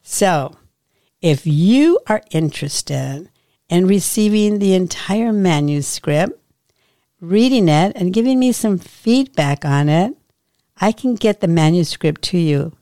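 A woman podcast host reading her own short story aloud in a calm, measured way. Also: lowish voice, no room sound, clean studio sound.

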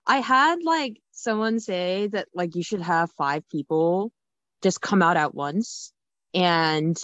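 A woman co-hosting a casual chat, frank and animated, with many "like" fillers. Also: lowish voice, slow, dry recording. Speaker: podcast co-host.

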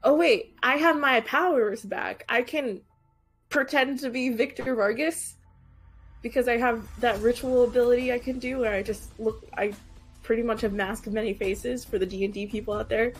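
High, bubbly woman player. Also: steady tone, normal speed, breathy edge, faint music behind, low-quality recording. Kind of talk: playing a tabletop game.

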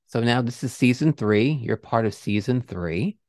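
A man's voice: medium pitch, expressive, moderate pace, darkish tone, no room sound, studio quality. A man hosting a podcast interview, asking rambling questions with restarts and heartfelt praise. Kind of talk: casual interview.

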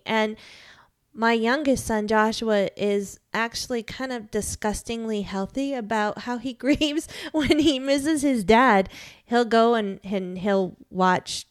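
Slow, candid widowed mother in her forties. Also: mid-range voice, clean tone, no echo, studio quality. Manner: candid and earnest, with rueful laughs. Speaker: widowed mother giving a faith talk. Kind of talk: personal testimony talk.

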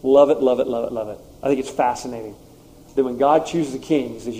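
Mellow-voiced male preacher. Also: medium pitch, fast talker. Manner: conversational, animated asides. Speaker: pastor. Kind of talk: sermon.

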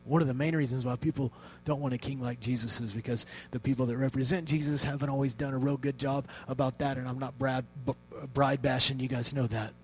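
A man preaching a sermon in a conversational way, telling a story with hushed asides. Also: mid-range voice, steady tone, brisk, few pauses, a little hiss or hum, low-quality recording.

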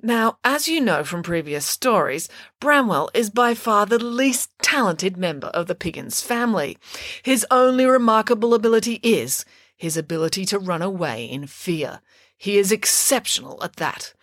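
A woman narrating a children's story in a playful, expressive way. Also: medium pitch, moderate pace, dry recording, studio quality.

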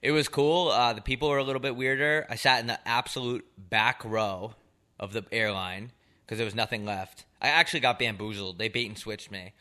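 Profane, bright-voiced young man telling stories. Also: medium pitch, a little fast. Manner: rambling, profane, animated storytelling. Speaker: podcast co-host. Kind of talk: casual storytelling chat.

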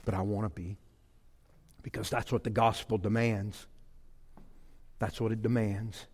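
A middle-aged man preaching a sermon, telling a folksy personal story with animated swings and loud bursts. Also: lowish voice, a little slow, slightly rough. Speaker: pastor. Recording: long hall reverb.

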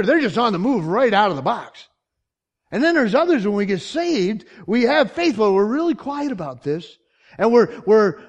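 A man with a high-pitched voice preaching a sermon. He tells stories with dramatic swings in volume, dropping to quiet asides and rising to loud punchlines. He chuckles often along the way. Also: dull audio. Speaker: pastor.

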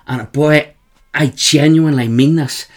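A man with a Northern Irish accent, a guest telling emphatic, animated stories in an interview. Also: on the high side, measured pace. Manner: animated, emphatic, repeats the host's name. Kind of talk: storytelling in an interview.

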